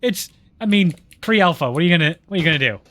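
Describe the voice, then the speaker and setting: A man's voice: fairly high pitch, animated, fast talker, a bit bright. A man streaming live gameplay, chatting and laughing often, trailing off mid-sentence.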